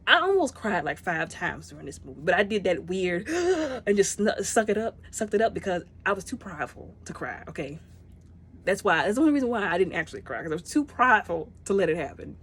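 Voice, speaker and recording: A woman casually reviewing a movie, chatty and emotional, talking straight to her viewers and acting out the characters' lines in quick bursts. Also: mid-range voice, big pitch swings, a bit bright, slightly rough.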